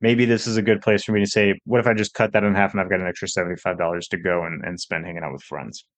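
A man's voice: deep voice, flat delivery. A man who works as a financial advisor, hosting a casual educational podcast episode and explaining budgeting in a conversational way with frequent restarts. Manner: conversational, with fillers and restarts, quick bursts.

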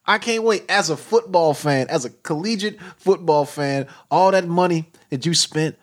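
A man trash-talking his friend about college football on a podcast. He is loud and teasing, laughing often in casual banter. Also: fairly high pitch, moderate pace. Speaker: podcast co-host.

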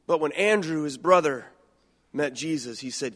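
A man's voice: fairly high pitch, moderate pace, a bit bright, long reverb tail. A man preaching a sermon in an earnest, conversational way, often repeating and restarting words.

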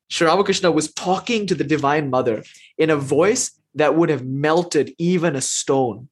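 A man teaching an online lecture, reading quoted passages slowly and expressively, then explaining them in a casual way. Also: on the high side, breathy edge.

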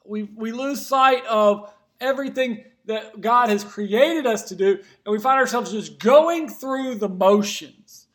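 A man with a strikingly high voice delivers a sermon from the pulpit. He retells the scripture in everyday words and speaks to his congregation in a chatty, informal way. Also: measured pace, fairly bright tone. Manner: conversational retelling of scripture with casual paraphrase. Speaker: pastor.

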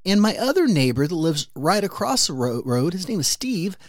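A man hosting his own podcast, telling a personal story in an animated way and then drawing an earnest, reflective lesson from it. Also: high-pitched, moderate pace, no room sound, studio quality. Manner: animated storyteller who briefly acts out the neighbors' voices. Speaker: podcast host. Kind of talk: motivational storytelling monologue.

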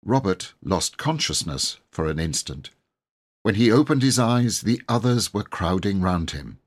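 Male audiobook narrator, deep husky voice, lively intonation. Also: measured pace. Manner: expressive, lively reading. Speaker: audiobook reader. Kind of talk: storybook narration.

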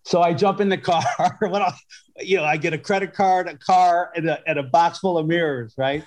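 A man's voice: on the high side, fairly even intonation, moderate pace. Rambling middle-aged man telling stories. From Western New York. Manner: rambling, with many restarts and fillers. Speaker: guest. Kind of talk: conversational storytelling.

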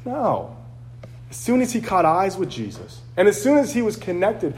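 Earnest higher-voiced male preacher. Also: very animated, moderate pace. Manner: earnest, conversational preaching with acted-out quotes. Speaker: pastor. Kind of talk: sermon.

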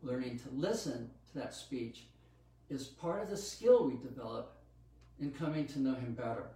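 A man's voice: medium pitch, animated, normal speed, dark tone. A man preaching a sermon, teaching earnestly about Scripture with some fillers and restarts. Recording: very echoey room, from a distance.

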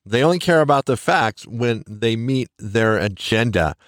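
A man's voice: mid-range voice, lively intonation, dry recording. Upbeat guy talking solo on his podcast, laughs at his own slips, dead dry mic. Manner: upbeat, chatty, quick shout-outs; laughs at himself, self-correcting. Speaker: podcast host.

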